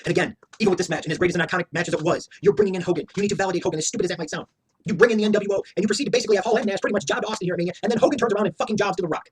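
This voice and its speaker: A man's voice: high voice, very fast, a little hiss or hum. A man giving a heated, profane, opinionated review rant as a wrestling show reviewer, hammering his points with emphatic repetition.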